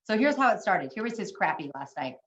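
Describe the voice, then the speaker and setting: A woman's voice: medium pitch, big pitch swings, fairly quick, echoey room, dull audio. An older woman co-presenting an online workshop, telling a family story earnestly, with many ums and restarts. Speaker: webinar co-presenter. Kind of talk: casual storytelling to an online audience. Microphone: video call.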